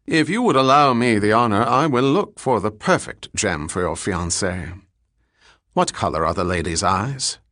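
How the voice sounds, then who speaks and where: A man's voice: lowish voice, expressive, moderate pace, a bit bright, dry recording, studio quality. A man voicing a suave, courtly male gem dealer who speaks with flowery, ceremonious politeness.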